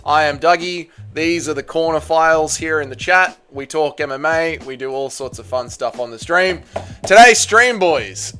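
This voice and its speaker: Aussie bloke on his stream, kinda high voice, chatting away and saying hi to everyone. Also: a bit bright. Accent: Australian. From Australia. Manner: chatty, greets viewers one after another with slang. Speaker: livestream host. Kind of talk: casual livestream chat.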